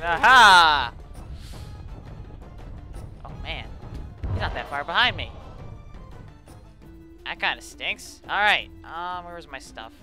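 Excitable high-voiced man taunting on a let's play. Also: slow pace, pauses often, faint music behind. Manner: playful taunting, excited shouts. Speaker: gamer doing a let's play. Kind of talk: excited gameplay commentary.

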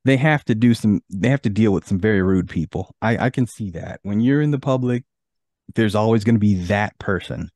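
A man's voice: fairly low pitch, brisk, darkish tone, dry recording, clean studio sound. A man hosting a podcast in casual chat, easygoing and reading from an article. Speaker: podcast host.

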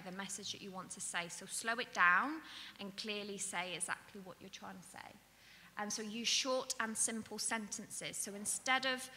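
A woman's voice: medium pitch, pushed and bright. A woman giving a patient, explanatory talk on dementia care as a trainer at an event. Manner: patient, explanatory, with many ums and "so". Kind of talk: awareness talk to an audience. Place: event hall. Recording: echoey hall, faint hiss.

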